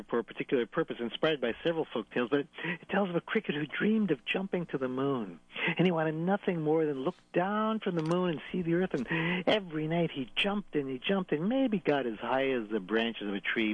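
Lively male storyteller on a dull line. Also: a little high, a little fast, no room sound. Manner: animated storyteller. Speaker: storyteller guest. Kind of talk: radio interview storytelling.

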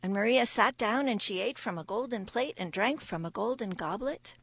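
A woman telling a folktale aloud as a storyteller, expressive, dropping to a whisper now and then. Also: mid-range voice, normal speed, breathy edge, no room sound. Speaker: storyteller guest.

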